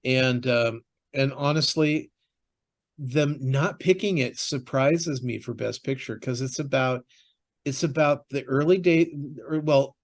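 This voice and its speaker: A man's voice: mid-range voice, measured pace. A man co-hosting a podcast, chatting casually about TV shows and movies, rambling with lots of fillers and restarts. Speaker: podcast co-host.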